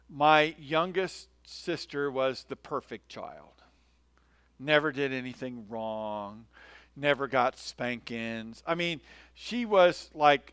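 A male pastor preaching a sermon in a relaxed, conversational way, telling stories and often checking in with his listeners. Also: medium pitch, clear, resonant tone, dry recording. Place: church.

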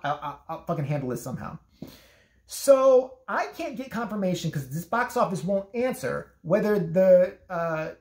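A woman's voice: low voice, echoey room. A woman telling a long story in a casual, profane monologue, acting out the people she talked to. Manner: profane, animated, acts out both sides of calls.

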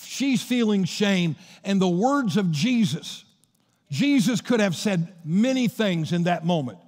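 A man's voice: high-pitched, lively intonation, unhurried, darkish tone. A man preaching a sermon as pastor, retelling Bible scenes in a storytelling way, recorded in a church sanctuary with a long reverb.

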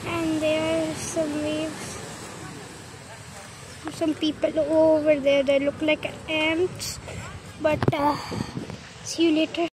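High-voiced woman filming a walk by the sea on her phone, keeps saying look look, super noisy wind and street behind. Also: little pitch movement, slow pace, long pauses. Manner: eager, repeats words like look and walking. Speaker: vlogger. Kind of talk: casual walking vlog narration. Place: outdoors by the sea and a busy street. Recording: loud outdoor noise.

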